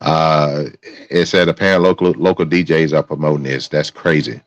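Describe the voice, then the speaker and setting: A man's voice: extremely low pitch, fairly even intonation, moderate pace, no echo. A male host giving angry, profane live-stream commentary, repeating himself as he vents. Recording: dry, dull lo-fi sound.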